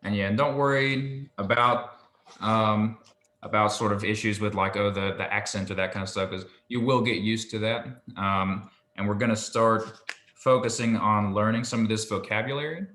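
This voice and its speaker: A man's voice: on the low side, steady tone, moderate pace, a bit bright. A man teaching Hebrew, patiently correcting pronunciation and encouraging his student. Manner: patient, encouraging, loose with fillers. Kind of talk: online language tutoring. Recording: roomy echo.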